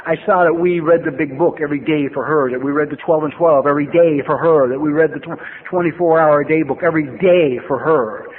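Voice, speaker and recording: An older man telling his own recovery story at a meeting, blunt and profane, with wry humor and animated bursts. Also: on the high side, fairly quick, hardly any pauses. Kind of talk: personal testimony talk with storytelling. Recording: phone-like lo-fi archival tape with faint hiss.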